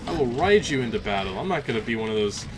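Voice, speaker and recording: A young man casually commentating a video game, chatty and jokey, with loud excited outbursts. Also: medium pitch, quick pace. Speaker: let's play host. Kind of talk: gameplay commentary.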